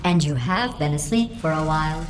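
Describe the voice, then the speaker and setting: An actress voicing a cold, sarcastic female AI that runs test chambers, speaking in a deadpan, passive-aggressive way through a synthetic robotic filter. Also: deep voice, moderate pace. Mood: dry. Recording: echoey game audio with music behind.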